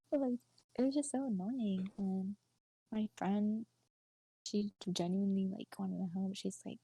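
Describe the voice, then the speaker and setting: Young woman, podcast co-host. Husky, soft-toned voice. Chatty, filler-heavy storytelling that dips to near-whispers. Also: medium pitch, fairly even intonation, a little slow, pauses often, low-quality recording. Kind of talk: casual personal storytelling.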